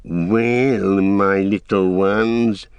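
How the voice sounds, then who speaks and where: Sinister goblin captor voiced by a male narrator, soft hissing whisper, slow and creepy, dry close sound, audiobook. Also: fairly low pitch, steady tone, clean tone, no room sound. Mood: menacing. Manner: slow, menacing, mock-tender.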